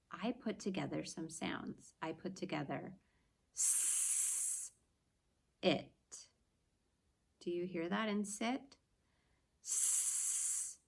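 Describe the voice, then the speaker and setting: Slow, gravelly-voiced woman teaching phonics. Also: medium pitch, a little mellow. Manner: slow, patient, exaggerated sounding-out of words. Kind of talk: early-reading phonics lesson.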